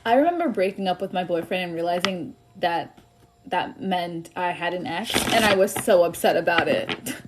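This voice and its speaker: A woman's voice: fairly low pitch, lively intonation, normal speed, background noise. A young woman giving a tarot reading on a live stream, chatty and sassy, often laughing. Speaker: tarot reader.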